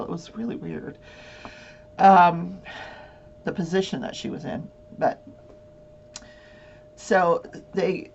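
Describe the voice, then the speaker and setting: A woman's voice: on the low side, darkish tone. A woman hosting a casual talk show, telling a long story with many fillers and frequent laughter. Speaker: host. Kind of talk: casual chat. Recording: dull lo-fi with faint hum.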